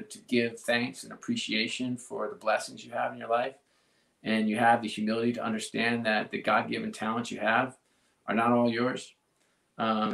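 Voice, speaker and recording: Gravelly earnest man, roomy echo. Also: medium pitch, fairly bright tone. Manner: earnest, halting, many restarts. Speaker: sports executive, guest. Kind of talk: casual interview talk.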